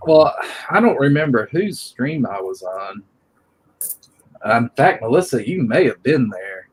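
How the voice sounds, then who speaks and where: A middle-aged man hosts a live stream and talks in loose, rambling stories with plenty of ums and uhs. His voice is husky and his pitch sits in the ordinary middle. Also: very animated, a little slow, rough recording. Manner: rambling and chatty, with fillers. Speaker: coin channel host. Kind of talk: casual chat on a live stream.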